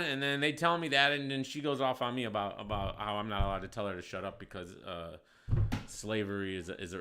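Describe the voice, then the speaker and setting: Animated, bright-voiced male podcast host. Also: mid-range voice. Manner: animated storyteller, loud when acting out shouting; profane, slangy. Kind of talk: casual podcast chat, storytelling.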